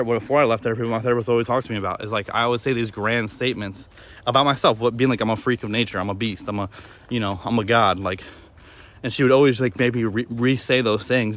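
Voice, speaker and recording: A young man talking candidly in a personal vlog, in a flat, halting way with many restarts as he reflects on himself. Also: mid-range voice. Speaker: video creator.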